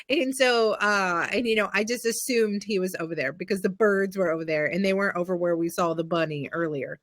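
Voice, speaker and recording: A woman with a Southern accent telling a long animated story on a video call, full of "like" and "I'm like". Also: medium pitch, fairly quick, few pauses, no room sound, studio quality. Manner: animated, many "like"s and "I'm like", acts out voices in quotes. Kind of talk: casual storytelling chat.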